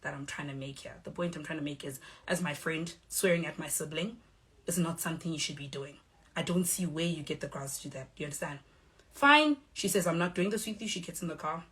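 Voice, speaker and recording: A young woman with a South African accent speaks straight to the camera in a slightly low voice. She is measured and firm as she recounts events, switching now and then into short quoted exchanges. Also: fairly even intonation. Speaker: reality show cast member. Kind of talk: direct-to-camera statement.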